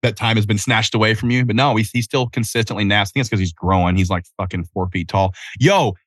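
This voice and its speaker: A man in his thirties from Tennessee, hosting a casual solo podcast outdoors, telling animated, profane stories. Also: lowish voice, fast talker, no echo. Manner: animated storytelling with cursing and self-interruptions. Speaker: podcast host.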